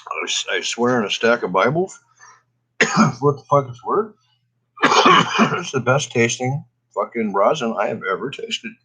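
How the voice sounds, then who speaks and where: A man's voice: mid-range voice, a bit bright, breathy edge, poor audio. A middle-aged man chatting casually on a livestream, rambling and swearing, laughing often and coughing from smoke. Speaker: cannabis vlogger.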